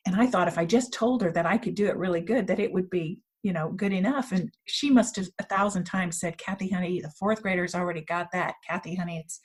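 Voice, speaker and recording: A woman's voice: fairly low pitch, a little mellow, husky. Earnest, reflective middle-aged woman. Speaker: author and women's coach, guest. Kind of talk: casual interview conversation. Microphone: remote call.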